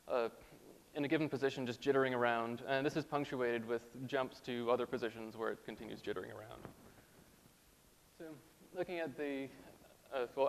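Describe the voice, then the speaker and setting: A man presenting a scientific talk at a conference, halting at times with fillers and restarts. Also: medium pitch. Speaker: conference speaker. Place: lecture hall. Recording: hall reverb, faint hiss.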